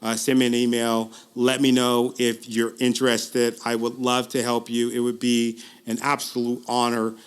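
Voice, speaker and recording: A man working as a public speaking coach, giving a casual, earnest pitch straight to the viewer, with frequent ums, restarts and repeated phrases, his pace speeding up and slowing down. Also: completely flat delivery, clear, resonant tone. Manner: uneven pace, speeds up and slows down. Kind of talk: casual direct-to-camera pitch.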